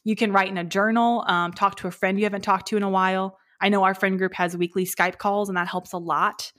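A woman's voice: medium pitch, little pitch movement, brisk, a bit bright. A young woman co-hosting a casual podcast chat, upbeat and jokey, laughing often. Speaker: podcast co-host.

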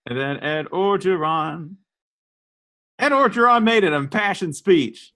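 Guy hosting a jokey podcast, bouncy pitch all over, bright voice, keeps cracking up. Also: lively intonation, measured pace. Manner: jokey, laughs often, bursts into silly voices. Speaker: podcast host. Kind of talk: comedic podcast banter.

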